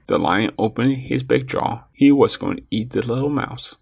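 A man narrating a children's story in an expressive storytelling manner. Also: fairly low pitch, normal speed, vocal fry, few pauses, slightly rough, no room sound.

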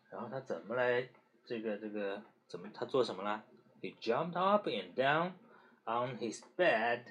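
A man reading a bedtime story to a child, slow and gentle with lots of hesitant fillers. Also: medium pitch, expressive.

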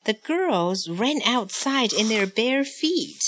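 A woman's voice: a little high, big pitch swings, slow pace, fairly bright tone. A woman reading a picture book aloud in a playful way, chanting the sound effects. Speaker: storybook reader.

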